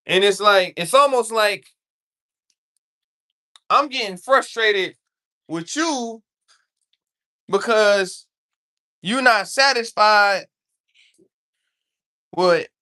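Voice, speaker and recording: Bright-voiced rambling livestreamer. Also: medium pitch. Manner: meandering, repeats "you know what I'm saying" often. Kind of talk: casual rambling livestream chat.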